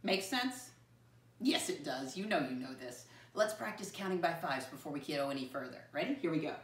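Woman, first grade teacher, encouraging, slow and clear, lowish voice, roomy distant sound. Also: lively intonation. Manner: encouraging, slow and clear, spells words letter by letter. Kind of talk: classroom lesson to young children.

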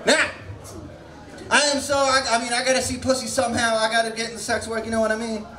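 Very high-voiced shouty male comic. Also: level tone, quick pace. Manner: loud, shouty, crude punchlines. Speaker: comedian. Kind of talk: stand-up set at an open mic. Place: comedy venue stage. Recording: roomy echo of a small venue.

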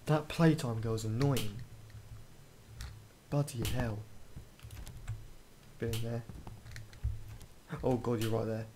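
A man's voice: mid-range voice, slow pace, pauses often, background noise. A man doing gameplay commentary, jumpy and exclaiming, muttering mild swears. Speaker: gamer.

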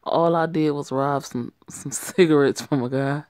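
A woman's voice: sits low, moderate pace, darkish tone, dry recording, clean studio sound. A young woman who reads and voices every part of a homemade story drama herself, often giggling as she goes. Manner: giggles often while reading, playful. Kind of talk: amateur story voice acting, playing all parts.

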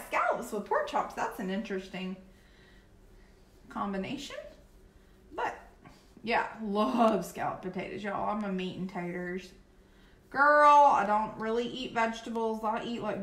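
A young adult woman with a Southern US accent chatting casually while painting on a live stream, reading and answering viewer comments. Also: medium pitch. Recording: echoey room with faint background noise.

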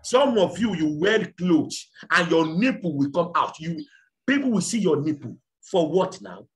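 A man preaching with fervor. His voice sits high and swings widely, rising into shouts and dropping low as he hammers home his questions. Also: big pitch swings, unhurried. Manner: impassioned, repeats lines, shouts rhetorical questions. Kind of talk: fiery sermon.

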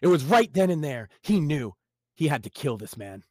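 A man's voice: fairly high pitch, big pitch swings, normal speed, darkish tone, no room sound. A man reading his own short story aloud live on a stream, in a dramatic, wry storytelling manner.

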